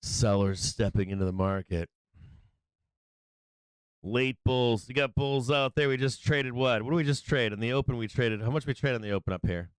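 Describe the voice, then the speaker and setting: A man hosting a live stock market stream, giving brash, excitable trader banter as prices move. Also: medium pitch, normal speed, clear, resonant tone, no room sound. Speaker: stock market livestream host.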